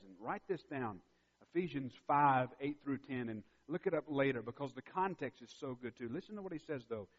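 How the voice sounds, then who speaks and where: A man's voice: a little high, breathy edge. A man preaching a sermon as a pastor, emphatic and building in intensity, repeating key phrases for weight. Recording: dull recording with long hall reverb.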